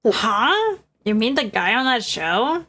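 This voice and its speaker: A woman's voice: on the high side, very animated, takes it slowly, sharp tone, exaggerated voice. A woman voicing a young male lawyer who is anxious and broke, reading game dialogue aloud on a stream. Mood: puzzled.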